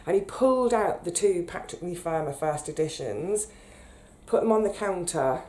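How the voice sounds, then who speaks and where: A British woman telling a personal story in a chatty, animated way, getting emotional as she recalls it. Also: lowish voice, normal speed. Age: 30s. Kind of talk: casual storytelling monologue.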